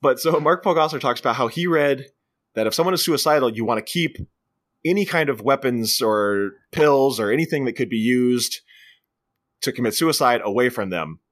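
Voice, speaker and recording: In a casual movie review chat, a man co-hosts a podcast, recounting a film's scenes and jumping into quoted voices. His voice is mid-range, animated and a bit bright, at normal speed.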